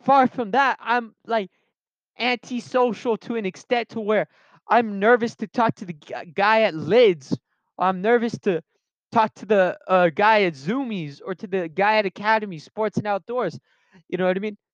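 Young man, high and smooth voice, dry lo-fi recording, rambling casual storytelling. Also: moderate pace, no echo. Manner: rambling, self-interrupting, slangy. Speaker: vlogger telling personal stories. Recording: dull lo-fi sound.

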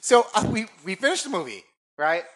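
Loud, profane, animated man. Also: high voice, fairly quick. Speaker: podcast co-host. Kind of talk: casual crude chat.

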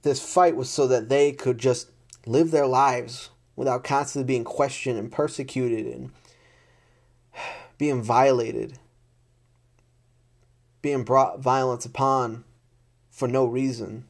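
A man's voice: mid-range voice, fairly even intonation, takes it slowly, long pauses. A man in an unscripted rant to camera, blunt and exasperated, swearing often and repeating himself. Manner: blunt, heavy swearing, repetitive; frustrated and exasperated.

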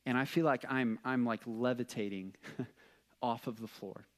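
A man's voice: mid-range voice, steady tone, normal speed. Young adult male pastor, sermon delivery, earnest and personal, frequent restarts.

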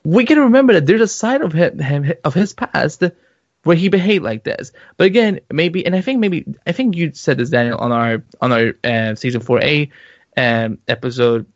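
A man co-hosting a casual podcast, talking in an animated, excitable way with many restarts. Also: a little high, normal speed, no echo. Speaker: podcast co-host. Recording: dull muffled lo-fi sound.

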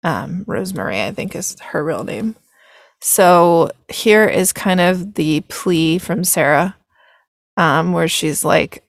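A tired woman talks through film clips in a slow, unhurried, slightly low voice, rambling and breaking into laughs as she corrects herself. The sound is dry and close. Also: lively intonation, no echo. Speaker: reaction video host. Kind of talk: casual film commentary.

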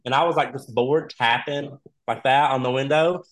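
Man, podcast guest, animated storyteller, laughs a lot, casual chat, mid-pitched voice. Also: moderate pace, crowd noise, poor audio. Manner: animated, laughs often, acts out quoted voices. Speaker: reality show contestant, podcast guest.

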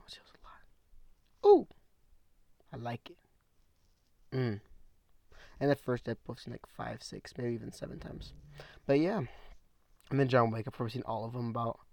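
Young man with a gravelly voice, rambling. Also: mid-range voice, darkish tone, no echo. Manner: rambling, casual slang, says bro. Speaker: podcast host. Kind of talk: casual solo podcast chat. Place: small room at home.

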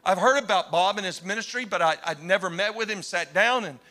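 A man preaching a storytelling sermon, swinging from loud exclamations to hushed retelling and acting out the voices in his story. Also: sits high, fairly quick, faint music behind. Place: church.

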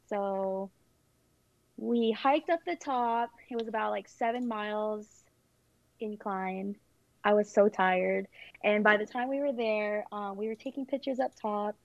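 Young woman rambling with lots of ums and giggles, raspy fry, dull dry lo-fi sound. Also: mid-range voice, no echo. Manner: rambling, giggly, many fillers. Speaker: guest telling her engagement story. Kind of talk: casual chat.

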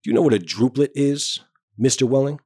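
A man reading a story aloud, voicing a towering, self-important male doctor with a booming, hearty manner. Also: lively intonation, normal speed, darkish tone, dry recording, studio quality. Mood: lecturing. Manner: hearty, booming, bluff joviality.

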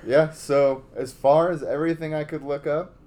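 A man's voice: a little high, fairly even intonation, moderate pace, warm tone. A man co-hosting a podcast in casual chat, profane and opinionated, speeding up when he rants. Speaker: podcast co-host.

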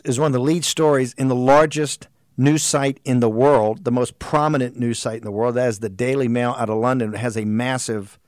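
A man hosting a political talk show, delivering a heated, combative monologue full of rapid-fire rhetorical questions. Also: medium pitch, dry recording, clean studio sound.

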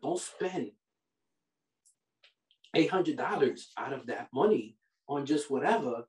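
A man hosting a podcast. He gives money advice in a casual, animated, preachy way, full of slang like "bro" and "yo". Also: medium pitch, moderate pace, long pauses, distant mic. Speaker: podcast host. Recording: roomy sound from off the mic.

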